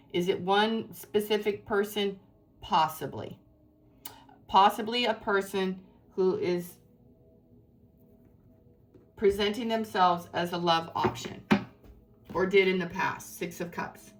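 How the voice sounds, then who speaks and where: A woman giving a tarot reading to her viewers in an effusive, rambling, spiritual way. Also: mid-range voice. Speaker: tarot reader.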